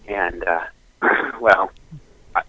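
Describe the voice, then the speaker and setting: A man's voice: sits low, very slow, husky, no room sound, low-quality recording. A man telling a crude comic story on a radio show, cursing often and laughing as he goes. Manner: profane, animated, laughing through the story.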